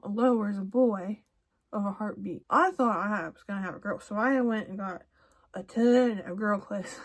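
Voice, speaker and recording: A young woman vlogger chatting casually while she gets ready, rambling with many restarts and soft laughs. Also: medium pitch. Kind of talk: casual get-ready-with-me chat.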